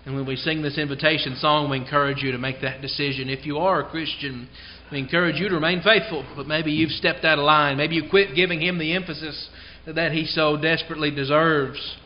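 A man preaching a sermon in a church service, earnest and emphatic, slowing down to stress key phrases. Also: fairly high pitch, fairly even intonation, a little hiss or hum. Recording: dull lo-fi sound.

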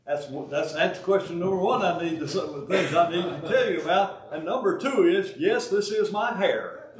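An elderly Southern US man in his eighties preaches a sermon in a folksy manner, with joking asides and halting restarts. His voice sits slightly high for a man. The recording picks him up from a distance in a roomy, echoing hall. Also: a crowd in the background. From Alabama, US. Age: 80s.

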